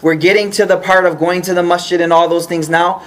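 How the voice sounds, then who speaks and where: High-voiced man teaching a study class. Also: flat delivery, fairly bright tone. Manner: explains patiently, checks the group often, slows for key points. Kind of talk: informal religious study class.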